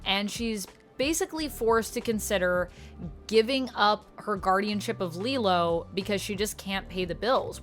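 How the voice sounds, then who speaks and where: A young woman reviewing a film in a casual, chatty way, with sudden animated rises in her voice. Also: mid-range voice.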